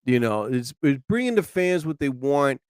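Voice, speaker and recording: A man hosting a casual live stream, rambling excitably and breaking into frustrated, swearing outbursts. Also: medium pitch, moderate pace, clean tone, dry recording, studio quality. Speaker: live show host.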